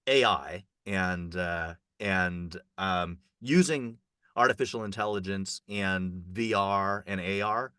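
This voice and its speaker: A man reporting casually on a film festival, rambling with fillers and restarts and jumping up in pitch when excited. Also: slow, clear, resonant tone, no room sound, studio quality.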